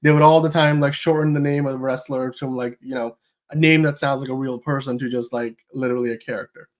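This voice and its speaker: A man's voice: medium pitch, fairly even intonation, fast talker. A man hosting a casual podcast, chatting in a loose, rambling way. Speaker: host.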